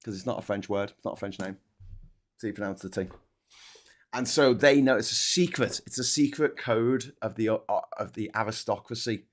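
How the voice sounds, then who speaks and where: A man's voice: lowish voice, moderate pace. Sarcastic man hosting a talk show. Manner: sarcastic, swears freely, mocking asides. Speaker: political commentary host. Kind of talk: casual political chat show.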